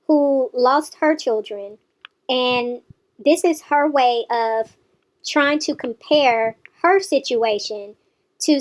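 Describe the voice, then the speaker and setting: A woman hosting a reaction channel, giving pointed, sarcastic commentary on a clip. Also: fairly high pitch.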